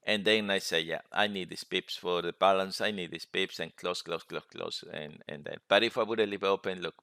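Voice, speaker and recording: Brief: male webinar host, low voice, dry close mic, rambling with fillers. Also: sharp tone, smooth, no echo. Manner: rambling, many fillers and self-corrections. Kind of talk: casual live screen-share lesson.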